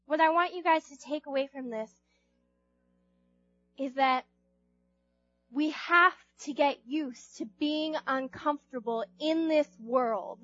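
A woman's voice: high-pitched, slow, pauses often, a bit bright, dry recording, lo-fi sound, soft background music. A young woman giving a casual youth sermon, chatty, acting out Bible characters in little voices. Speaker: youth group speaker.

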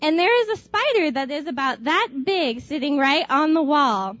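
High-voiced young woman telling an animated story. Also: normal speed, no room sound, dull audio. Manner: animated, laughs often, acts out screams. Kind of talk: personal anecdote told aloud.

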